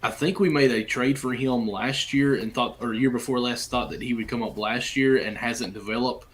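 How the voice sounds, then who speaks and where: A man speaking in loose, rambling casual chat, full of fillers and self-corrections. His voice is mid-pitched, with faint background noise under it. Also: steady tone, moderate pace. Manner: rambling, talks through his thoughts with fillers and hedges. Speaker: co-host opening baseball cards. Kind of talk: casual chat while opening cards.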